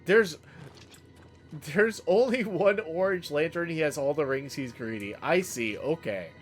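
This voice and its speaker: A man talking to his viewers while he plays, loose and jokey, wandering from thought to thought. He speaks slowly, with a slightly higher voice than most men, and faint music plays under him. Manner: rambling, joking, reacting to chat. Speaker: game streamer. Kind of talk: casual live-stream chat with viewers.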